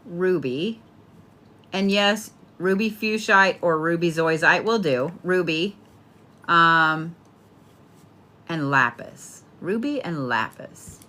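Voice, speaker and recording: Bright-voiced, profane woman reading horoscopes. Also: on the low side, lively intonation, slow. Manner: blunt, profane, chatty, playful. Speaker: tarot and astrology reader. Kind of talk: casual spoken horoscope reading.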